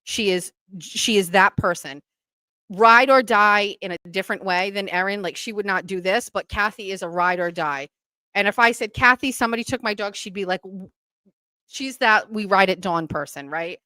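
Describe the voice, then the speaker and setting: Podcast host: New woman, bright, higher voice, animated storyteller who acts out the quotes, dry close mic. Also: normal speed, no room sound. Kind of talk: casual storytelling.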